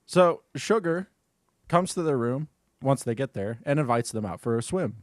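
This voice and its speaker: Lively, swearing podcast guy. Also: medium pitch, moderate pace, dry recording, studio quality. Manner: swears freely, laughs often, retells plot. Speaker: podcast co-host. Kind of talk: casual film discussion.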